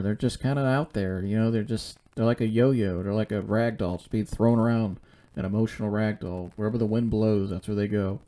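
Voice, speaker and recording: Hosting his own podcast alone, this man speaks in a mellow, lowish voice. The monologue is casual and blunt, wandering around and looping back to earlier points.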